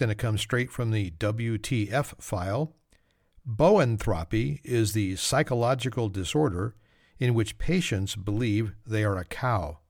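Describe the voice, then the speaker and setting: A man's voice: fairly low pitch, dry recording, clean studio sound. A man hosting a solo trivia podcast, reading facts with joking, self-mocking asides. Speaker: podcast host.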